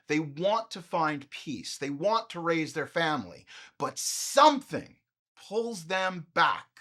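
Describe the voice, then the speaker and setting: A man delivering a comedic, profanity-laced movie rant with a bright, forceful tone. His pitch sits a little high and swings widely as he fires off jokes and raises his voice. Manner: profane, ranting, frequently raising his voice. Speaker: film commentary host.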